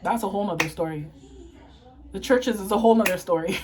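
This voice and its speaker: A woman's voice: mid-range voice, brisk, crowd noise, poor audio. A young woman from Toronto, Canada, tearful and impassioned, ranting and swearing in an emotional to-camera vlog monologue. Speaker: vlogger.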